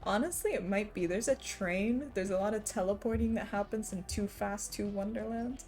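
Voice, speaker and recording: A woman's voice: mid-range voice, normal speed, darkish tone. A young woman chatting casually on a live stream, answering her chat and laughing often between remarks. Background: faint background music.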